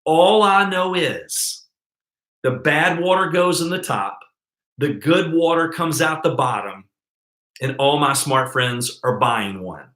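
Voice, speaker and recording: A man voicing a plainspoken cowboy who talks in a slow, folksy drawl. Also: fairly high pitch, bright, forceful tone, roomy sound.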